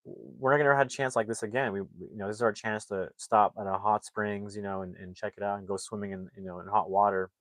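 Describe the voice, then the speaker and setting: A man's voice: lowish voice, steady tone, quick pace, few pauses, fairly bright tone, no room sound, close to an everyday voice. A man voicing an upbeat, optimistic father coaxing his family on a road trip.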